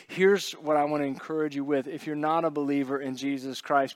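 A man's voice: a little high, no room sound. A man preaching a sermon as pastor, talking in a conversational way with joking asides and acting out what people might have said. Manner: conversational, joking asides, acts out quoted voices.

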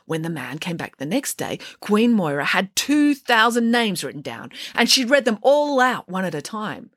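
A woman author tells a children's story in an animated, playful way. Her pitch moves a lot, and she is recorded on a close mic in a dry, dead room. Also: moderate pace, no room sound. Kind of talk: storytelling narration.

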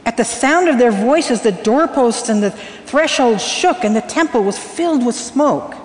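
A reader reading a scripture passage aloud in a church, slowly and with measured phrasing. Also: medium pitch, animated. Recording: echoey hall with faint room noise.

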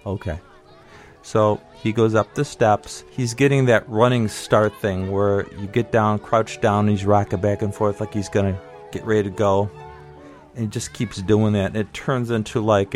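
A man's voice: lowish voice, little pitch movement, normal speed, soft background music. A middle-aged man telling a childhood story in a conversational, wry, nostalgic way. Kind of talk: personal storytelling.

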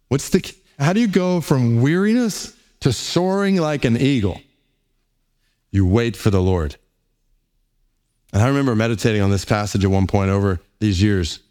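Earnest preaching man, slow emphatic phrasing. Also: medium pitch, a little mellow. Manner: reads scripture aloud between points. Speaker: pastor. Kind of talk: sermon.

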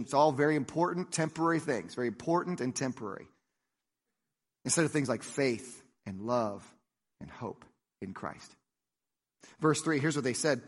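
A man preaching a sermon, animated, sinking low and soft whenever he quotes a prayer. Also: moderate pace, pauses often. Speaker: pastor. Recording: long hall reverb.

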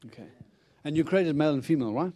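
Moving at a quick pace in a slightly high voice, this itinerant preacher delivers a sermon full of stories. He animatedly plays out what people said and laughs often.

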